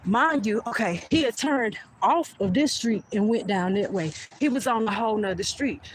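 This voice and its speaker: A woman telling a heated personal story to her viewers, profane and animated, speaking straight to the audience. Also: on the high side, normal speed, a little hiss or hum. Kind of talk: casual storytelling rant.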